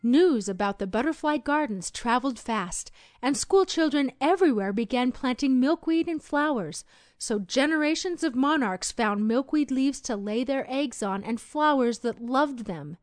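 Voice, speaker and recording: A woman narrating a children's read-along storybook in an expressive, sing-song storytelling manner. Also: high-pitched, normal speed, no room sound.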